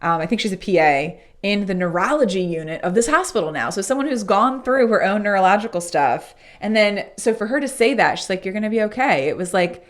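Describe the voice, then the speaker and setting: A woman's voice: medium pitch, fairly quick, hardly any pauses. A woman speaking as a podcast guest, telling a personal story earnestly and reflectively. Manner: acts out remembered dialogue in lively voices. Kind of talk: casual interview storytelling.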